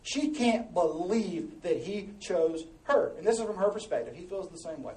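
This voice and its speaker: Animated male pastor in an echoey hall. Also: high voice, moderate pace. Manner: animated, joking with the congregation. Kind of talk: sermon. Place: large church hall. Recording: echoey hall, mic at a distance.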